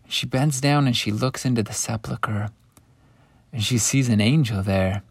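A man teaching a scripture lesson, retelling the story in an animated way that swings between hushed and lively. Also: medium pitch, normal speed, no room sound.

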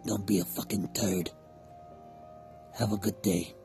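Gravelly, swearing male host. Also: lowish voice, steady tone, measured pace, warm tone, soft background music. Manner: crude, mocking, swearing. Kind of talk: profane comedic interlude.

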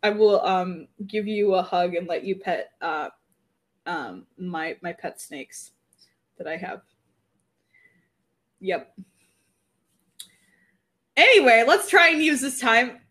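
A young woman co-hosting a casual podcast, giggly and flustered, laughing often between slow, rambling remarks. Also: medium pitch, lively intonation, bright, forceful tone. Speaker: podcast co-host.

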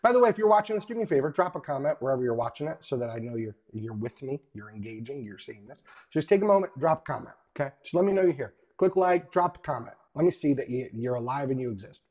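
A man delivering an online sermon in an animated, casual way, with colloquial asides and hushed emphasis. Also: mid-range voice, fast talker, few pauses. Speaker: preacher. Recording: dull lo-fi recording.

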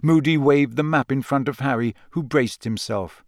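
Reading from a novel, a male audiobook narrator keeps a steady, measured delivery in his scripted narration. He has a mid-range voice, captured in a dry, studio-quality recording.

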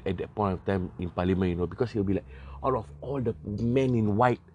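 A man's voice: lowish voice, a little fast, dark tone, slight background noise. A young man with a Singaporean accent giving casual, rambling political commentary, full of fillers and the odd swear word.

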